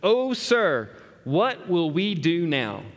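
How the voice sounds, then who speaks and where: A man's voice: on the high side, sing-song, takes it slowly, full character voice. Scared young servant guy sure he's doomed, a preacher acting it out, echoey room. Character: frightened young male servant. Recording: echoey hall.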